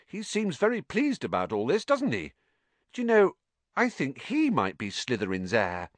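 A man's voice: mid-range voice, wildly swooping pitch, normal speed, dry recording, pitched above the performer's own voice. A man voicing an eager, gossipy schoolboy in an audiobook reading. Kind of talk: audiobook character voice.

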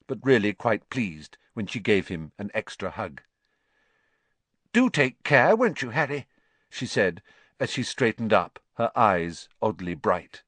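A man reading an audiobook aloud, narrating in an expressive storytelling manner. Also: lowish voice, no echo.

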